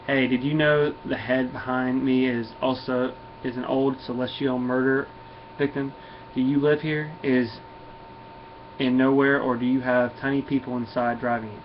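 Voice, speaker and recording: A man's voice: mid-range voice, flat delivery, normal speed, close to an everyday voice. A brash teenage boy superhero chatters eagerly and cockily, read by a man going through a comic. The recording is dull and lo-fi. It carries a faint hiss. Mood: cocky.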